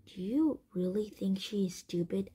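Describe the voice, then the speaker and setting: A woman voicing a calm, wise man who guides travelers across the desert while reading a storybook aloud, in a soft, breathy, husky voice. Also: mid-range voice, moderate pace.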